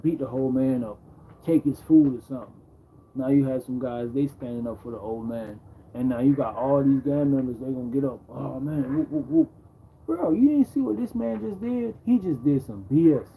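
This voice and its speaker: Laid-back male livestream host, dark mellow tone, faint background hiss, keeps repeating "bro". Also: medium pitch, animated, fairly quick, poor audio. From Jamaica. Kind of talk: casual livestream storytelling.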